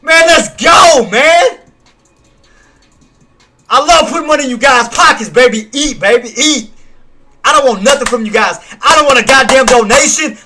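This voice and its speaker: Hyped high-voiced trading streamer, man. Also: fairly quick. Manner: hyped, shouting and laughing, slangy. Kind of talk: live trading commentary.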